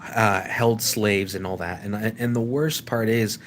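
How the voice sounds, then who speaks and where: A man hosting a live stream, talking off the cuff in a rambling way, with frequent restarts, and repeatedly calling out to his viewers as ladies and gentlemen. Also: lowish voice, steady tone, unhurried, slight background noise. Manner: rambling, with many restarts and stumbles; keeps addressing the audience as "ladies and gentlemen". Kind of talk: casual opinion monologue.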